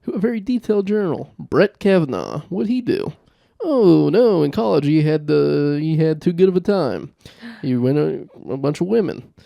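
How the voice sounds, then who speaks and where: A man's voice: on the high side, very animated, moderate pace, gravelly, hardly any pauses, mellow, dry recording, studio quality. A man hosting a comedy podcast, chatting casually in a playful, jokey way. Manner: playful, jokey, puts on silly voices. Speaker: podcast host.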